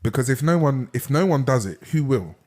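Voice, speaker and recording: A man's voice: lively intonation, a little fast, a little mellow. A man co-hosting a casual podcast, joking and jumping into playful bits. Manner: joking, jumps into bits and squeaky put-on voices. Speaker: podcast co-host. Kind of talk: casual chat.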